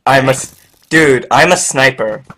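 A young man chatting excitedly while playing a game with a friend, often laughing and getting loud. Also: mid-range voice, unhurried, noisy background. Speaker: gamer. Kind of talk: casual gaming chat.

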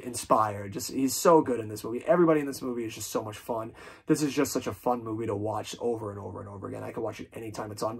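A man's voice: mid-range voice, a little mellow, husky. A man casually ranking films on his vlog, gushing with fan enthusiasm and swearing freely. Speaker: film reviewer.

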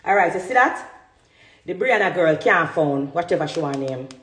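A woman's voice: sits low, lively intonation, moderate pace, a bit bright. Fiery Jamaican woman ranting in an echoey room. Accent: Jamaican Patois. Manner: fiery, defiant, repeats herself for emphasis. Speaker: social media vlogger. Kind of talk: heated rant to camera.

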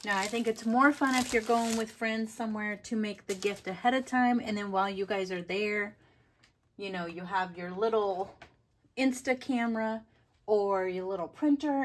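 A woman's voice: a little high, moderate pace. A woman vlogger chatting casually and enthusiastically through a craft product haul, giggling often.

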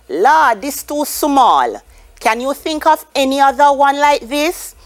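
Jamaican woman, teacher on TV, slow and careful, lively up-and-down voice, higher pitch. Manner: explains then gives Creole example sentences. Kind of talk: televised lesson. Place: TV studio.

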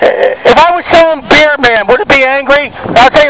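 A man preaching loudly on the street at a market, fervent and arguing with passersby. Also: very high voice, a little slow, hardly any pauses, background noise. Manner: shouting, fervent, argues with passersby. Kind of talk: loud open-air preaching. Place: outdoors at a market.

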